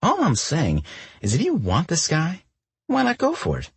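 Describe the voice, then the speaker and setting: A man's voice: on the high side, wildly swooping pitch, moderate pace, vocal fry, breathy edge, no room sound, voice pushed up, exaggerated voice. A man voicing a bold, blunt young woman roommate who teases her friend, in a romance audiobook. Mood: teasing. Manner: brash, blunt, playful.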